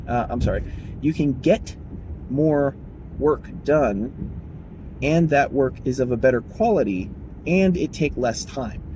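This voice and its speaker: Male host, casual solo talk, mellow and unpolished, faint background noise. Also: mid-range voice, animated, a little slow, long pauses, low-quality recording. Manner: rambling, self-correcting, chuckling, mock dialogues in raised voice. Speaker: podcast host.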